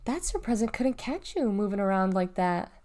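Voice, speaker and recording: Woman as no-nonsense storybook mother, firm and plain, warm tone. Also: medium pitch, big pitch swings, moderate pace, close to an everyday voice. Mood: gentle. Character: stern, tired mother of many children.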